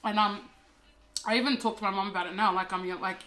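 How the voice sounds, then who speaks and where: Soft-spoken young woman, halting and candid. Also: mid-range voice, fairly even intonation. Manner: halting, soft, many fillers and restarts. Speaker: co-host. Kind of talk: candid personal story.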